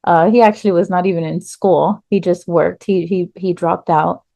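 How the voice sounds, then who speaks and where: A woman's voice: lowish voice, fairly even intonation, normal speed, gravelly, mellow, no room sound. A woman in her thirties from Texas, candidly telling her life story as a podcast guest, with lots of filler words. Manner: chatty, many "like" fillers.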